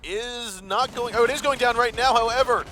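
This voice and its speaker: A young man calling live esports play-by-play, quick and excitable as the action unfolds. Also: very high-pitched, slight background noise. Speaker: esports caster.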